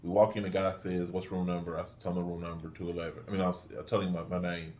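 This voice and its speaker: A middle-aged man casually telling a story, acting out quoted voices in an animated way. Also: low voice, racing, a little hiss or hum. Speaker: co-host.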